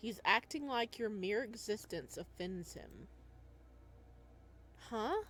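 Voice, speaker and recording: A woman playing a game, reading its narration aloud and reacting excitedly, talking back to the character. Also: mid-range voice, slow pace, a little hiss or hum. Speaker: game player.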